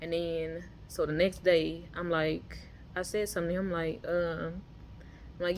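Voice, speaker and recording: Low-voiced woman telling her testimony. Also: flat delivery, normal speed, darkish tone, a little hiss or hum. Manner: loose conversational delivery with many fillers and restarts. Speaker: person giving a testimony. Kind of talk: personal testimony, casual storytelling.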